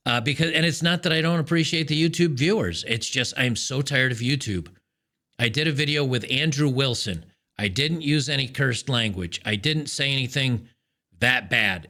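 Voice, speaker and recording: Bright-voiced man ranting on his channel. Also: mid-range voice, normal speed. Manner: frustrated, ranting, many restarts. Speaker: podcast host. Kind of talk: casual solo commentary.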